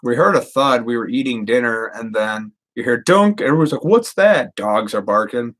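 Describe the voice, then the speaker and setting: A man's voice: medium pitch, moderate pace, fairly bright tone. A man in his thirties rambling casually and profanely to viewers on a live stream. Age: 30s.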